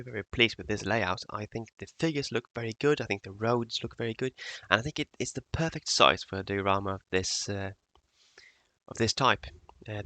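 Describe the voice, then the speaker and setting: A man's voice: lowish voice, bright, forceful tone, no room sound. A man presenting his model builds in a casual tutorial vlog, hesitant with many fillers.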